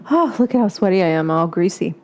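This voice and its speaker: A woman's voice: mid-range voice, a little mellow, slight background noise. A woman hosting a home cooking show in casual chat. She swears freely, keeps breaking into coughing fits, and baby-talks to her dog in her kitchen.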